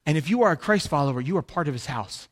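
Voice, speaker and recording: A man preaching a sermon to his church, emphatic and animated, swinging between loud and quiet. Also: fairly high pitch, fast. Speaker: pastor.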